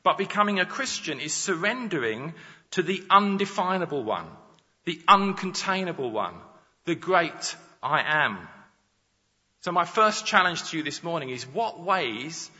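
A man preaches a teaching sermon, his pitch rising and falling freely as he works through examples and questions. His tone is bright and forceful. The sound is dull and rings with long reverb through a large church hall. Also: very animated, a little slow.

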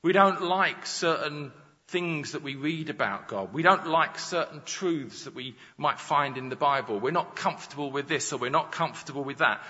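A man's voice: fairly high pitch, moderate pace, pushed and bright. A man preaching a sermon, explaining Scripture with examples and rhetorical questions. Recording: dull sound with long reverb in a large hall.

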